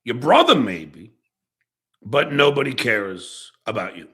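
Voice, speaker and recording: A man live streaming, talking in a brash, taunting way with drawn-out phrasing. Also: medium pitch, big pitch swings, bright, forceful tone. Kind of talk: rambling live stream talk.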